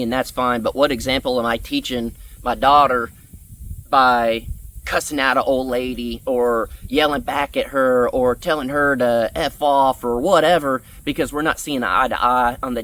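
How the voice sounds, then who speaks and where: A man's voice: medium pitch, a bit bright. A young man telling a story in an earnest, rambling way, with many fillers, on his vlog. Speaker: vlogger.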